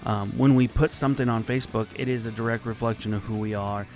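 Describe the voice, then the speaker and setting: A man's voice: mid-range voice, steady tone, quick pace, a little mellow, faint music behind. A man hosting a podcast, upbeat and friendly in casual chat, with a few stumbles. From Midwest of the United States. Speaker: podcast co-host.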